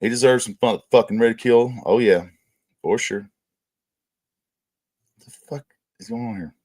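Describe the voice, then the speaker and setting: A man's voice: mid-range voice, normal speed, darkish tone. A man hosting a livestream, ranting crudely and swearing constantly in casual chat. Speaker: livestream host. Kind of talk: casual profane streaming rant.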